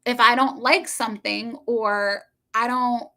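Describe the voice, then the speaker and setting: A woman's voice: a little high, fairly even intonation, unhurried, sharp tone. A middle-aged woman chatting casually with viewers on a livestream from home, rambling and laughing often.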